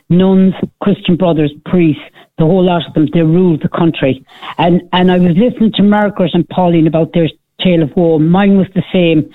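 An older Irish woman calling in to a radio show, telling a story with sarcasm and acting out what people said. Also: lowish voice. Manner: animated storyteller, sarcastic, acts out quoted speech. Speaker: caller. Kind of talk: radio phone-in chat. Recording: tinny phone line.

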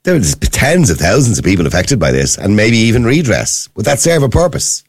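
A man's voice: lowish voice, huge pitch swings, dry recording, studio quality. An Irish man hosting a radio phone-in show, talking with callers in an earnest, conversational way. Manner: conversational, earnest, quick asides. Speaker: radio host.

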